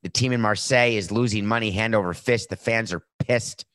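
A man's voice: on the low side, a little fast, fairly bright tone, no room sound. A middle-aged man hosting a sports talk show, giving a brash, sarcastic monologue with a tired, sore voice. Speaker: podcast host.

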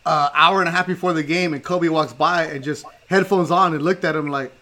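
A man, a former pro athlete, telling blunt, lively locker-room stories in casual chat. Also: on the high side, fairly quick. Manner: blunt, animated storyteller with a throat clear.

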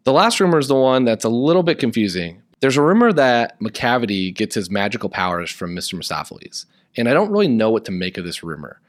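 A man's voice: mid-range voice, big pitch swings, fast talker, hardly any pauses, no echo, clean studio sound. A young man hosting a podcast in a casual, joking way, chatting wryly about a musical and its fan fiction. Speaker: podcast host.

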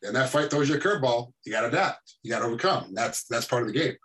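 A man's voice: mid-range voice, fast. A man, a guest who referees MMA and once fought, talking in a casual interview and acting out fight scenes as he tells them. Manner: animated storytelling that acts out fight scenes.

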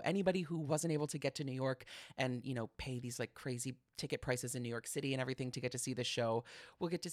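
A man's voice: on the high side, fairly bright tone, no room sound, studio quality. A man hosting a podcast in a casual monologue, dramatic and gushing, who chats at the listener and keeps saying "you guys". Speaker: podcast host.

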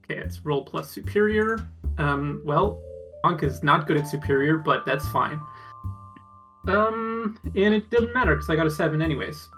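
Man, tabletop player, bright voice, hesitant with fillers, faint music behind. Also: fairly high pitch, animated, normal speed. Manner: hesitant, thinking aloud with many fillers. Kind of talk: tabletop game play.

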